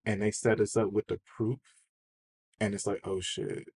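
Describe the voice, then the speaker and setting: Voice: mid-range voice, level tone, normal speed, darkish tone, slightly rough. A podcast host chatting in an interview, supportive and affirming. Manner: supportive, affirming, frequent backchannel. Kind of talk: conversational interview.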